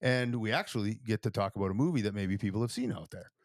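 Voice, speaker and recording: A man co-hosting a podcast who explains things at length in casual chat, often checking in with "right?". His voice sits a little low. The sound is dry and close. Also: quick pace, no echo. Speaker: podcast co-host.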